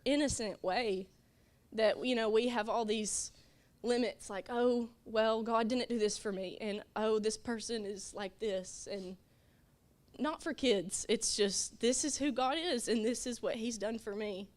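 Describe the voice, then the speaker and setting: A tearful woman speaking into a microphone in a church classroom, sniffling as she talks. Her voice sits a little high, and her delivery is earnest and halting, broken by small laughs. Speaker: children's ministry volunteer.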